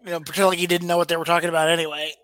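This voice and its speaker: A man in a casual podcast chat with a high, bright voice. He speaks haltingly, restarting words and chuckling now and then. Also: level tone. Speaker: podcast co-host.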